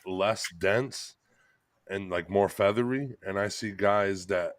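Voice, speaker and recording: A man's voice: fairly low pitch, takes it slowly, dry recording. A middle-aged man from Michigan telling stories in a laid-back casual chat, swearing often and laughing along. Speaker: co-host.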